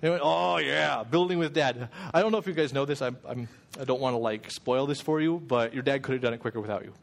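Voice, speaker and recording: A man's voice: medium pitch, fast, gravelly. A middle-aged man giving a casual, jokey sermon as guest preacher, often acting out quoted voices.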